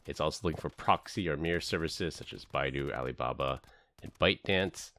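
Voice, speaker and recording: His voice rumbles low and moves fairly quickly. He's a middle-aged man hosting a casual tech podcast, narrating with energy and playing out the people he quotes.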